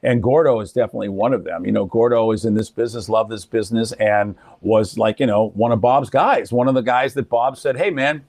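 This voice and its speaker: With a lowish voice, the older radio personality speaks briskly and with few pauses. The recording is dry with clean studio sound, and he tells casual stories in an animated way, impersonating those he quotes.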